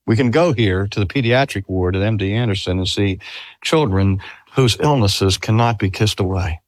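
A man's voice: on the low side, normal speed, dry recording. An older man preaching a sermon. He speaks earnestly, drags out key phrases for emphasis and asks the listeners rhetorical questions. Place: talk at a cancer hospital.

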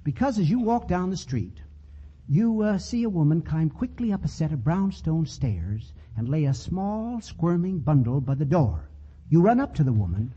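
Husky, genial radio host man. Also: on the high side, big pitch swings, moderate pace, warm tone. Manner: genial, chatty showman. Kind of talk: 1940s radio hosting. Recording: dull 1940s radio broadcast.

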